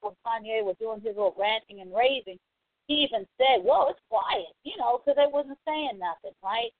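Woman host, casual opinion rant, blunt and animated, dry phone-line sound. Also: a little high, dry recording. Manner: animated, blunt, swears freely. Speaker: call-in show host. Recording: tinny phone-line audio.

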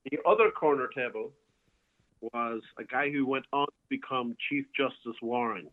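A man, a bar owner, telling a rambling story at an ordinary pitch. He keeps restarting and filling gaps as he goes. His voice comes through a tinny, phone-like line. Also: steady tone, moderate pace. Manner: rambling, with many restarts and fillers. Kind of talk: casual storytelling. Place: home, calling in by phone.

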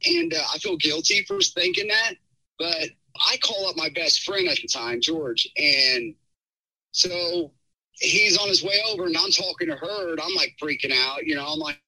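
A middle-aged man telling a personal story in a casual podcast chat, rambling and animated, with many fillers. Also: on the high side, moderate pace, vocal fry, low-quality recording. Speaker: podcast guest.

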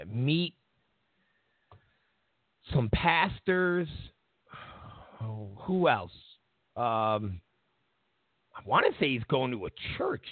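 A man's voice: medium pitch, dry recording. A man hosting a political talk show, speaking casually and sarcastically, repeating himself and chuckling as he mocks his opponents. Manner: sarcastic, mocking, repeats phrases, chuckles often. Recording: tinny phone-like audio.

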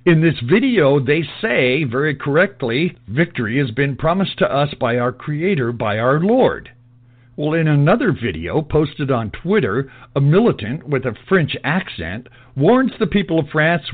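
A man giving an emphatic, lecturing commentary in a scripted style. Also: medium pitch. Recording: tinny phone-like lo-fi audio.

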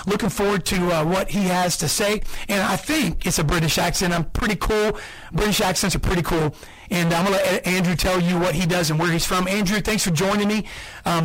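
A man's voice: high-pitched, a bit bright, rough recording. A man hosting a sales podcast, giving earnest motivational talk and repeating his key points for emphasis. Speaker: podcast host.

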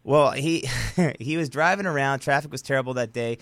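A man's voice: mid-range voice, normal speed, fairly bright tone, no room sound. Profane man telling a story, dry mic. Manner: blunt and profane, rambling with restarts and fillers. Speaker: guest. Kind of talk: casual storytelling in a podcast interview.

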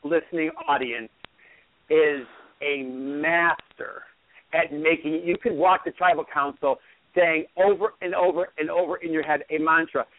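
A man's voice: a little high, steady tone, a little slow, a little hiss or hum. A man hosting a casual call-in show, rambling with lots of restarts and repeats. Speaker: host. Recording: tinny phone line.

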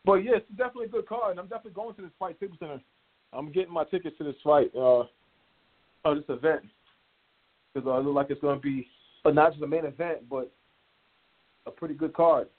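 A man's voice: on the high side, fast talker, pauses often. A man co-hosting a casual sports podcast, eager and rambling. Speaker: podcast co-host. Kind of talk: casual chat. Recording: phone-like line.

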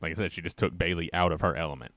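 A man's voice: sits low, steady tone, rapid-fire, a bit bright, dry recording. A man co-hosting a wrestling podcast, mostly agreeing with short replies. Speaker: podcast co-host. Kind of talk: casual wrestling chat.

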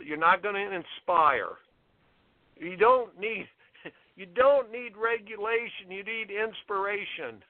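A man's voice: high-pitched, dry recording. A male tennis coach, a guest, talking with emphatic indignation and repeating himself as he makes his points. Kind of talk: impassioned interview talk. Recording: tinny phone line.

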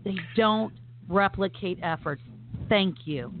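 Slow and medium-pitched, a woman co-hosts a laid-back podcast chat. She speaks with emphasis and enthusiasm, peppering in many fillers, over phone-like audio carrying faint noise.

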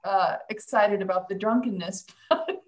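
A woman's voice: medium pitch, unhurried, low-quality recording. A woman co-host in a supportive conversation, talking with enthusiasm and rambling through restarts.

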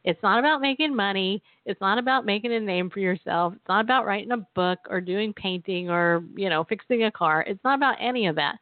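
On a dry recording that sounds tinny like a phone line, a medium-pitched woman co-hosting a radio program offers testimony and exhortation. She's talkative, laughs readily, acts out quotes, and uses her personal story to encourage listeners.

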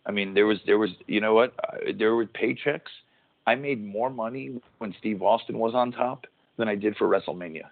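This podcast host is a middle-aged man who used to wrestle professionally, speaking at a moderate pace with a fairly low pitch and some vocal fry. His casual talk wanders, gets profane, and often starts over mid-sentence, all through thin, phone-like sound.

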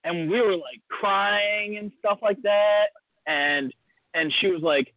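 A man's voice: high voice, slow, no echo. A man co-hosting a podcast in casual chat, telling a rambling story and acting out the voices of the people in it. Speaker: podcast co-host. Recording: tinny phone-like line, dry.

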